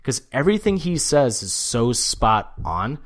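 A man hosting a casual sports podcast, telling stories with animated quoted voices and frequent swearing. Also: a little slow. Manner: animated storytelling, acts out quotes with jumps in pitch. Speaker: podcast host.

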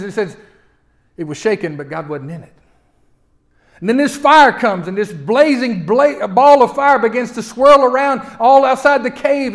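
A male pastor, preaching a folksy sermon that swings from loud to hushed and often repeats his opening words. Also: very high-pitched. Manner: repeats words when starting sentences.

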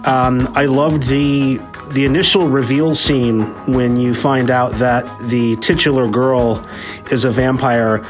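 An enthusiastic man talking at a mid pitch on a film podcast, rambling and repeating words. Faint music hangs behind him. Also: steady tone, slow. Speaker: podcast co-host. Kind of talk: casual film review chat.

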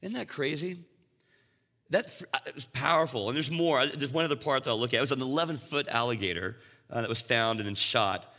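A man preaching with a bright, forceful voice that rings out through a long hall reverb. He talks to his congregation casually and keeps checking in with them as he goes. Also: medium pitch, brisk. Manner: conversational, checks in with "all right?" and "you know". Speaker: pastor. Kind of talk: sermon.

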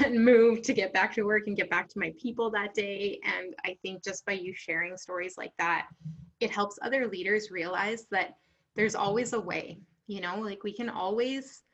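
A woman's voice: mid-range voice, fairly bright tone. A woman co-hosting a podcast interview, speaking earnestly and appreciatively to her guest. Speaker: podcast co-host.

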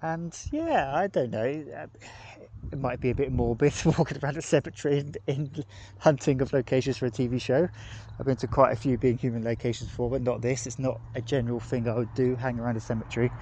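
A man's voice: medium pitch, brisk, mellow, poor audio. Guy from devon wandering about outside rambling into his phone, cars going past, kinda thoughtful. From England, grew up in Devon. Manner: rambling, reflective, with restarts. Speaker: podcast host. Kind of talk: casual walking monologue. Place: outdoors, walking past streets and a cemetery. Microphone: phone held while walking. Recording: phone recording outdoors with clear traffic noise. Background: passing cars and urban street noise.

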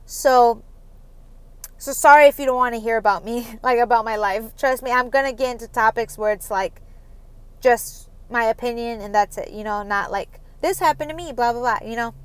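A young woman hosts a solo podcast in a fairly high, smooth voice with fairly even intonation and normal speed. Rambling through personal stories, she fills her casual confession with lots of ums and nervous little laughs.

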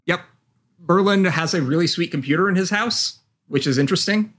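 Sardonic man, fairly high voice. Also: a little fast, a bit bright. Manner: sardonic, swears freely. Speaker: podcast co-host. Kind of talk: casual gaming chat.

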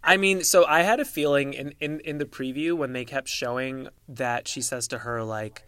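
A man co-hosting a podcast in casual gossip chat, measured and analytical, often mimicking people he quotes. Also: medium pitch, fairly even intonation, fairly bright tone, no echo. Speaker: podcast co-host.

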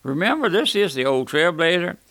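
A man's voice: on the high side, very animated, a little fast, a bit bright, no echo. A man preaching an emphatic, fiery radio sermon with folksy asides.

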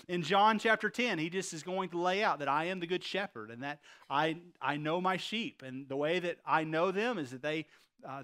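Man preaching a sermon, high and bright voice, storytelling with rhetorical questions. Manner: storytelling, rhetorical questions, repeats words while speaking. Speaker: pastor.

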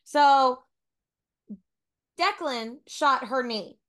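A young woman co-hosting a casual book club podcast, chiming in with quick agreement and reading passages aloud. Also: sits high. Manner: quick agreeing interjections, animated.

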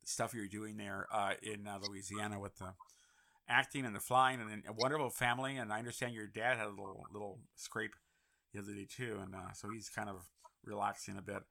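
Bright-voiced enthusiastic male host. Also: on the low side, little pitch movement, brisk, gravelly. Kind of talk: casual interview chat.

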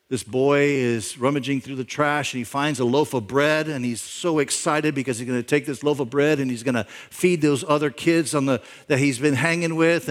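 A middle-aged male pastor giving a sermon, telling a story conversationally, with lines that climb louder and higher for emphasis. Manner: conversational storytelling, imagining a backstory aloud; rises in pitch and volume for emphasis.

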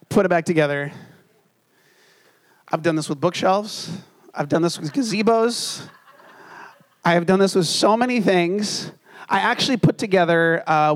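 A young adult man preaching a sermon as pastor, telling stories in an earnest, self-deprecating way. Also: sits high.

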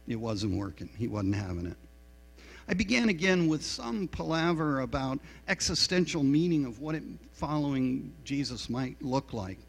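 A man's voice: medium pitch, expressive, moderate pace, creaky. A middle-aged man preaching a sermon as a pastor, telling a story in a frank, self-deprecating way. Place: church sanctuary. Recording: reverberant hall with mains hum.

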